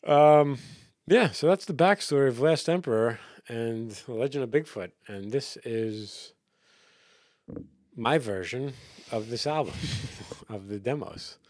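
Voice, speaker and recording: A man's voice: medium pitch, animated, a little slow, a little mellow, dry recording, studio quality. A man hosting a casual podcast chat about music, rambling with many fillers and restarts. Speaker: podcast host.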